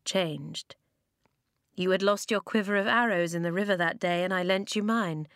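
A woman voicing a calm, steady male tribe leader in a storybook reading, speaking slowly and deliberately. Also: fairly low pitch, dry recording, clean studio sound. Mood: solemn. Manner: slow, measured speech.

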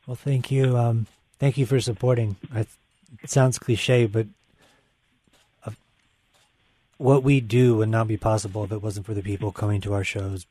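A man's voice: fairly low pitch, little pitch movement, moderate pace, long pauses, mellow, no room sound. Candid man with dry sound. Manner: candid, rambling with many fillers. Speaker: guest musician. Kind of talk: casual radio interview.

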